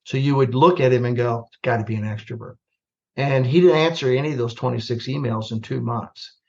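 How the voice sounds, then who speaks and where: An older man from the United States spins stories with energy and a self-mocking humor, acting out both sides of old conversations. His pitch sits in the middle range for a man. The podcast audio is slightly muffled and lo-fi. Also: fairly quick, creaky. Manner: animated, self-deprecating, acts out dialogue. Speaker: podcast guest, retired army general. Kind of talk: storytelling in a podcast interview.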